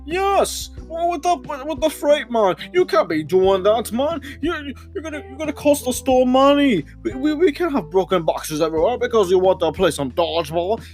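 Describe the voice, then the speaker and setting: A man voicing an excitable male store supervisor who stammers, repeats words and keeps tacking "man" onto his sentences. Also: very high voice, brisk, few pauses, soft background music, pitched above the performer's own voice. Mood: exasperated. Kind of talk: comedy podcast character skit.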